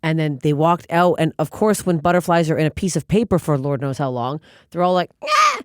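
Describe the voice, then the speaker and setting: A woman's voice: low voice, brisk, smooth, no room sound, studio quality. A woman comedian, a guest on a podcast, telling stories in casual chat with lots of swearing. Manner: animated, profane storytelling.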